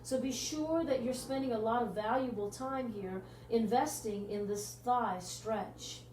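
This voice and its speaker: A woman with a fairly high voice leads a pilates workout, counting out kicks and stretches at an unhurried pace. She sounds a little far from the mic in a reverberant room, with a faint hum behind her. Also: darkish tone. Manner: counts out moves with rhythmic cues. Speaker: pilates instructor. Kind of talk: guided workout instruction.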